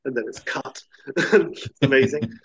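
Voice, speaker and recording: A man's voice: mid-range voice, unhurried, breathy edge. A man chatting enthusiastically about films, rambling and acting out quotes. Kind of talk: casual chat about films. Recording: dull lo-fi sound.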